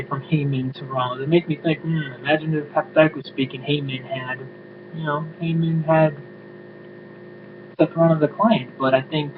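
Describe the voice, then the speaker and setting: A man giving a casual spoken review, ranting and swearing with exasperated asides. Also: medium pitch. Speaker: show reviewer. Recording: tinny phone-like audio with noise.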